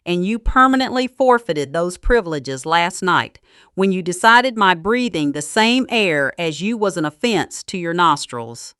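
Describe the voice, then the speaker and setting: A woman narrating a first-person drama story in a calm, cutting and deliberate way. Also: lowish voice, clear, resonant tone, no room sound, studio quality.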